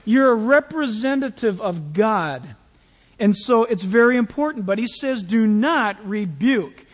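A male pastor preaching a sermon in a church, in a conversational, animated way with playful asides. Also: extremely high pitch, a little slow, big-room sound.

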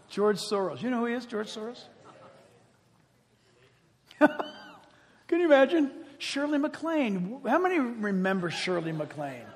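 Pastor preaching, high voice, takes it slow, long reverb in the church. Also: male voice. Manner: animated storytelling, breaks into laughter. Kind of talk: sermon.

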